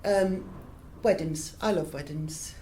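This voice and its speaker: A woman's voice: low voice, slow, heavy background noise. A woman interviewer asking chatty, rambling questions in an oral history interview.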